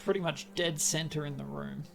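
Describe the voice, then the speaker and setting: A man's voice: a little high, steady tone, brisk, gravelly, background noise. A man narrating as game master, hesitant with lots of fillers.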